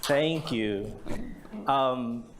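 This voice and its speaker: A man's voice: medium pitch, very slow. A man moderating a live poetry session, introducing and honoring the featured poet in an effusive, chatty way with frequent laughs and fillers. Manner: warm, effusive, laughing often with many fillers. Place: live literary event venue. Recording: live event recording with background noise.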